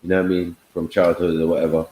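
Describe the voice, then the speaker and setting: A man speaks in a low, mellow voice. He chats in an easygoing way with lots of fillers, and his voice sounds roomy and echoey. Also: completely flat delivery, quick pace. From England. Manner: easygoing, filler-heavy, often asks "you get me". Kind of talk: casual chat on a live online panel.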